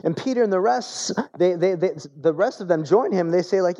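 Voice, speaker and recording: A man preaching a sermon in a relaxed, conversational way, often repeating words as he searches for the phrase. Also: sits high, brisk, few pauses. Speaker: pastor.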